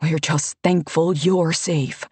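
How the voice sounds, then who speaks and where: A woman's voice: fairly low pitch, lively intonation, unhurried, darkish tone, husky, no room sound. A woman voicing a kindly older male mentor with dry humor. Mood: fond.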